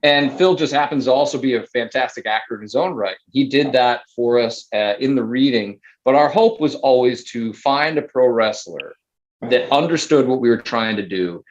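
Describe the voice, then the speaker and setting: A man's voice: mid-range voice, moderate pace, lo-fi sound, slight background noise. A man producing a theater show, talking with eager enthusiasm in a casual interview, full of fillers like "man" and "like.".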